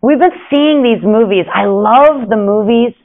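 A man preaching an informal sermon in an earnest, repetitive way, swinging between hushed lines and emphatic ones. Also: sits high, unhurried, narrow, tinny audio.

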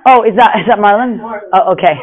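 High-voiced guy preaching, earnest, goes quiet then loud, bit muffled. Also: fast. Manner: earnest, repetitive, swings between hushed and emphatic. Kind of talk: informal sermon.

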